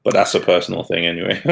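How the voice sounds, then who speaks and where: Casual male co-host, low gravelly voice, blunt and quick to laugh. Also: expressive. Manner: blunt, laughs at his own points. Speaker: podcast co-host. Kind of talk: casual football chat.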